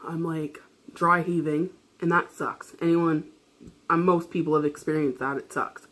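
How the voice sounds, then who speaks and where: Woman vlogger, low-ish voice, loose rambling story-time delivery, frequent swearing and laughter. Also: steady tone, unhurried, fairly bright tone. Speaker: vlogger telling a personal story. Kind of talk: casual story-time chat.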